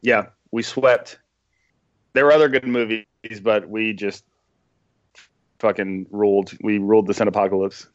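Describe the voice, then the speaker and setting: A man appearing as a film-director guest on a podcast, cracking dry, deadpan jokes. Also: lowish voice, a little slow, long pauses, dry recording. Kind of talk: comedic podcast chat. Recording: dull, dry lo-fi sound.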